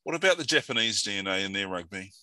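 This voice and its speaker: A man's voice: lowish voice, animated, fast talker, pushed and bright, rough recording. A man, hosting an interview and telling a funny story in a chatty way. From New Zealand. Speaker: interviewer, host. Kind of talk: casual interview chat and anecdote.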